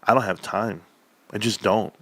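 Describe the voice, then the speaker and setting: A man's voice: lowish voice, moderate pace, no echo. A man, chatting casually as a livestream host and acting out the voices of the people in his stories. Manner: animated storyteller, acts out quoted voices.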